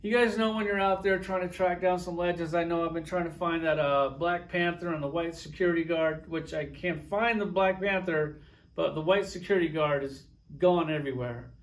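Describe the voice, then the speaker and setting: A man with a notably high-pitched voice rants straight to camera in a profane, sarcastic comedic style. He spins crude stories and breaks into heated outbursts. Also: steady tone, moderate pace. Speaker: toy collector reviewer.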